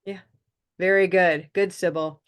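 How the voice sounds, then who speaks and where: A woman leads an online pronunciation class, speaking through a video call mic. She praises her students warmly and stretches out vowel sounds so they can copy them. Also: on the low side, fairly even intonation, smooth. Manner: encouraging, models vowel sounds slowly. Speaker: pronunciation teacher.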